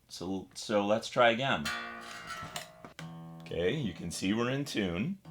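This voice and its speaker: A man's voice: fairly low pitch, fairly bright tone. An American man giving a casual, step-by-step guitar setup tutorial, chatting informally while he works on the instrument. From United States.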